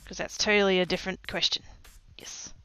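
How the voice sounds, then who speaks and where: A woman chatting casually with her viewers on a livestream from home, playful and silly, breaking into sudden high squeals as she reads and answers chat. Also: steady tone, fairly quick, bright, forceful tone, clear, resonant tone, whispered, faint music behind.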